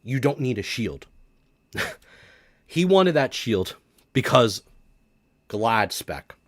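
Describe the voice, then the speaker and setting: A young man livestreaming a game, talking casually and excitably, laughing a lot and swearing freely. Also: mid-range voice, slow pace, no echo, clean studio sound. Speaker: streamer. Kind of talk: casual live-stream reaction commentary.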